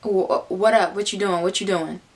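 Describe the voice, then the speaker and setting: A man's voice: high-pitched, little pitch movement, moderate pace. A woman voicing an evasive young man who stammers and deflects.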